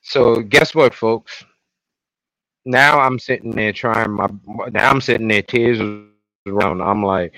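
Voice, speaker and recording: A man co-hosting a podcast, retelling episodes in casual chat and breaking into loud, exasperated outbursts. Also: on the low side, slow pace, gravelly, no echo, rough recording. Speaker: podcast co-host.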